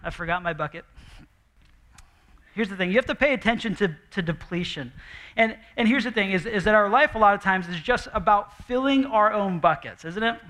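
Brief: young male pastor, high bright voice, chatty and animated, preaching on a stage. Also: brisk. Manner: animated and conversational, acting out quoted voices. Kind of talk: sermon. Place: church stage before a congregation.

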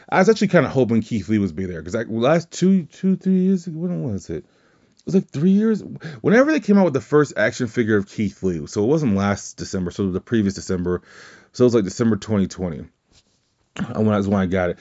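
A man's voice: on the low side, a little mellow. A man co-hosting a podcast, telling a rambling anecdote in a casual chat, often correcting himself and swearing offhand. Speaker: podcast co-host. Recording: dull lo-fi audio.

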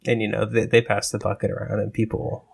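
A man's voice: on the low side, completely flat delivery, quick pace, creaky, breathy edge. A man co-hosting a podcast in casual chat, rambling with plenty of fillers and swearing. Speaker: podcast co-host.

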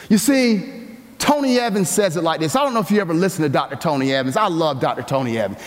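Pastor guy preaching slow, big swoopy high voice, long church-hall echo. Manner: animated preaching, rising high and loud for emphasis, slow and drawn out. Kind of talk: sermon.

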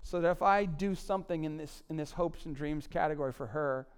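Male pastor, forties, high voice, smooth and resonant, animated sermon, loud-to-soft swings. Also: brisk. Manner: animated, swings between loud emphasis and low quiet asides. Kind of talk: sermon on marriage.

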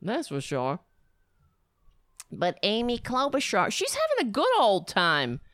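Woman, livestream political commentary, sarcastic, rambling, fairly high voice, dry close sound. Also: huge pitch swings, slow pace, a bit bright, no room sound. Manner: sarcastic and rambling, with mocking impressions. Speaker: livestream host.

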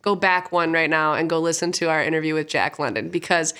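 A woman's voice: low voice, a little fast, a bit bright, clear, resonant tone. A woman co-hosting a podcast, chatting casually with a bubbly, slangy manner. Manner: bubbly, slangy, says "like" and "dude" a lot. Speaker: podcast co-host.

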